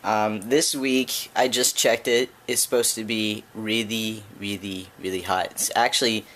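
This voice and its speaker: A man's voice: little pitch movement, a little slow, fairly bright tone, a little hiss or hum. A man chatting casually in a home vlog, rambling with lots of ums and restarts, filmed on a handheld camera indoors. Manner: baby talk to his dog in a playful high voice. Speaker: vlogger. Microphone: handheld camera held in one hand.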